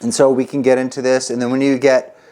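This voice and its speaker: A man teaching a casual drum lesson, chatty and relaxed, counting rhythms out loud. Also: mid-range voice, fast. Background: drum kit playing.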